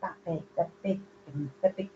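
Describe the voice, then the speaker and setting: A woman's voice: on the low side, normal speed, warm tone, lo-fi sound, slight background noise. A woman giving live psychic readings, chatty and rambling as she searches for words. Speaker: psychic medium.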